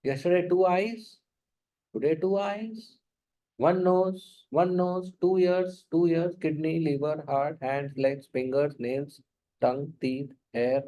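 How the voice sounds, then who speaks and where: A man giving a spiritual talk, slow and emphatic, often questioning his audience. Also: on the high side, fairly even intonation, dull audio. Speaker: spiritual lecturer. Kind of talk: sermon.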